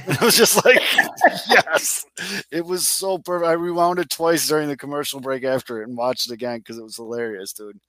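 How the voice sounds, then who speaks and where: Animated podcast host, dry sound. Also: male voice, on the high side, normal speed, no room sound. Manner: animated, swears, laughs while telling stories. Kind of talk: casual sports chat.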